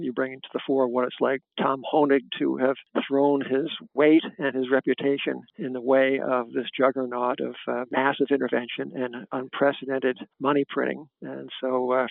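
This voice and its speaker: Host, male, gravelly voice, halting with fillers, dry wit, dry phone-line sound. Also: mid-range voice, dry recording. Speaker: podcast host. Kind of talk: conversational interview.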